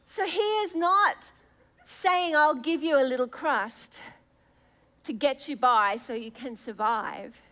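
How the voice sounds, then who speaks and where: High-voiced fervent woman preacher. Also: sharp tone. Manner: fervent, drawn-out emphasis, prayerful. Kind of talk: sermon.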